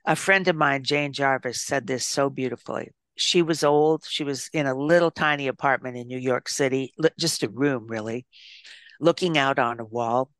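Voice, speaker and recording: A woman's voice: rumbling low, moderate pace, no echo, studio quality. Older woman telling stories thoughtfully. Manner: thoughtful storyteller with gentle restarts. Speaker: author and psychologist guest. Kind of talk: reflective interview conversation.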